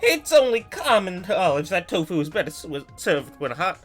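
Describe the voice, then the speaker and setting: A woman voicing an indignant mole in a video game who insists hot tofu is best, loud and slow. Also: lowish voice, sing-song, soft background music, voice pushed up. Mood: outraged.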